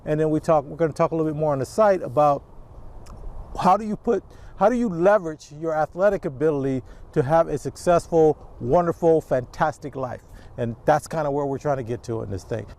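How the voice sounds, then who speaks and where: A middle-aged youth sports business owner hosts a casual vlog outdoors, talking to camera in a rambling way with lots of restarts and acting out quotes. His voice is a little high, a little fast, creaky and darkish.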